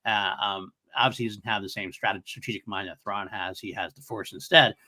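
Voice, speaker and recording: A man's voice: on the low side, steady tone, fairly quick, pushed and bright. A man co-hosting a fan podcast, talking eagerly in casual chat and laughing while he retells scenes. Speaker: podcast co-host.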